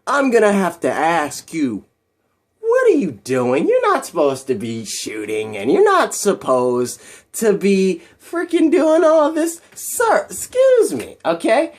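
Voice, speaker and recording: A man's voice: sits high, huge pitch swings, slow pace, voice pushed up, heavily acted. A man doing a wisecracking young hero. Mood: mock scolding. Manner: casual joking slang. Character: easygoing wisecracking young male superhero.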